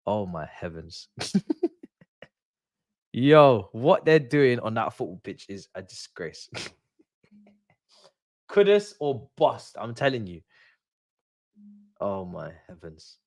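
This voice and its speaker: A young man is hosting a live football watchalong. He rants in exasperation to his viewers, his pitch jumping high and dropping low. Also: drawn-out words, pauses often. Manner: exasperated, animated ranting with laughs. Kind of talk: casual live-stream rant.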